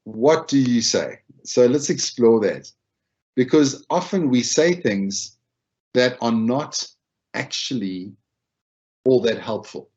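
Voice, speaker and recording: A man's voice: mid-range voice, lively intonation, takes it slowly, darkish tone, muffled recording. A man giving an informal wellbeing talk on supporting others, conversational, often repeating himself and acting out what people say. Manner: conversational, repeats phrases, acts out quoted lines. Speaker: wellbeing speaker.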